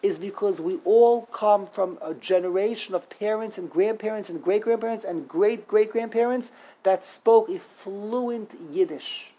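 In a rough recording, a woman teaches Hebrew grammar to a class with a husky, slightly breathy voice of medium pitch and dark tone. Emphatic and repetitive, she breaks words down slowly, one syllable at a time.

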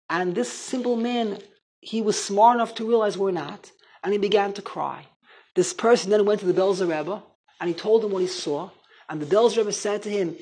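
Husky-voiced rabbi, rambling animated storyteller, Torah class. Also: male voice, high voice, normal speed, low-quality recording. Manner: rambling, animated storytelling with Hebrew and Yiddish terms.

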